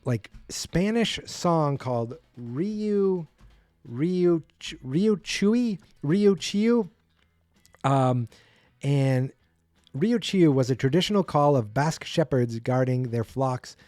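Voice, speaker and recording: A man with a dark, mellow voice talks through a sitcom plot in a loose, rambling recap. He pops into higher, sillier voices for the characters' quotes. The sound is close and dry, with no room around it. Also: animated, slow pace, no room sound. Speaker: podcast host. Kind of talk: casual episode recap.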